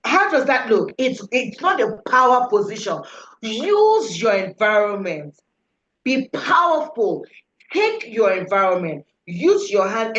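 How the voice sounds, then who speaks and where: A woman teaching public speaking to a live class, coaching directly and acting out examples. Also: on the high side. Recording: echoey room, dull lo-fi sound.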